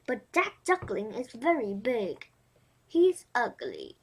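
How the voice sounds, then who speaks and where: A woman's voice: a little high, huge pitch swings, takes it slowly, breathy edge, exaggerated voice. A woman with a Vietnamese accent voicing a scornful farmyard duck in a storybook, making disapproving remarks.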